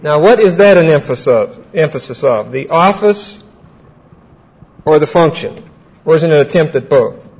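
A man teaching a Bible class, asking his students questions and repeating key points slowly. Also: fairly high pitch, lively intonation, darkish tone, slightly rough, low-quality recording.

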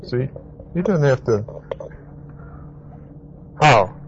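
A male preacher teaching scripture in an emphatic, repetitive way, stressing key words and spelling out terms letter by letter. His voice sits at an ordinary middle pitch. The recording is dull and lo-fi, with a faint hiss underneath. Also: unhurried, darkish tone. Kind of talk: Bible teaching sermon.

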